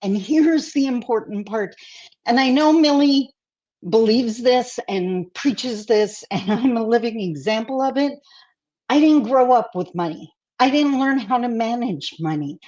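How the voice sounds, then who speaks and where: A woman with a higher voice chats candidly on a podcast and often laughs at herself. She is heard over a video call that sounds a bit dull and lo-fi. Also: animated, a little slow, a little mellow. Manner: laughing, candid, self-mocking. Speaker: podcast co-host.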